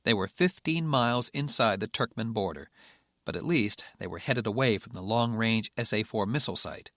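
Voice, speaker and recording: A man reading a military thriller audiobook in steady, measured narration. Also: on the low side, no echo, studio quality. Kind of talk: scripted narration.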